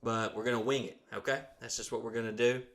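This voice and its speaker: A man's voice: medium pitch, level tone, quick pace, fairly bright tone. A young man hosting a podcast, telling a crude, rambling story in a casual, profane way and acting out the quotes. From Southern United States. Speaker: podcast host.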